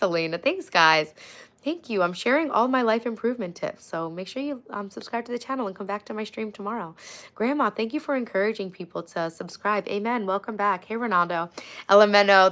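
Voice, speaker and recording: A woman's voice: medium pitch, expressive, fairly quick, a bit bright. Woman, forties, casual livestream host, chatty and friendly with viewers, home setup. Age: 40s. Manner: chatty, thanks viewers by name.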